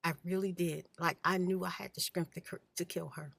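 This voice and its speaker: A woman hosting an ASMR channel, telling her personal story in a soft-spoken, candid, blunt way and sometimes dropping to a whisper. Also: lowish voice, flat delivery, a little fast, creaky, dry recording.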